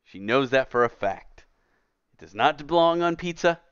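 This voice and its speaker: Here a game streamer delivers exasperated, emphatic casual rants from his computer in a medium-pitched, expressive voice. His tone is fairly bright and smooth, his pace moderate, captured on a dull, dry lo-fi recording.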